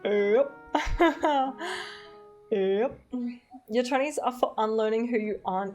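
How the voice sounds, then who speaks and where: A woman's voice: fairly high pitch, measured pace, darkish tone, soft background music. Chatty Australian woman livestreaming. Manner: chatty and playful, swears lightly, laughs often. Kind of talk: casual livestream chat, reading chat aloud.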